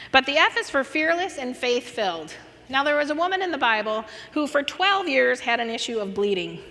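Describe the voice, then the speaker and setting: An American woman giving a conference teaching in a church, telling Bible stories with lively acted-out voices and laughter. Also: fairly high pitch, big-room sound. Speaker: conference speaker. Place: church auditorium.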